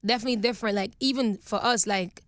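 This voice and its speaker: Lively woman from Jamaica, dry sound. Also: a little high, quick pace, no echo. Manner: lively, laughs often, quotes lines. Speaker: guest, recording artist. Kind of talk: casual interview chat.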